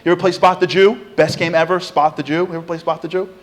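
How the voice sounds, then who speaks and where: A man giving an inspirational lecture with humor, an animated storyteller who fires off rhetorical questions to the audience in a large lecture hall. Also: on the high side, fast talker. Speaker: speaker. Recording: long hall reverb.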